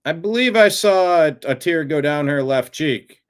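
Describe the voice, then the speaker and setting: A man's voice: a little high, animated, normal speed, clean tone. A male show host commenting on played clips in a casual, conversational way and reading out viewer comments.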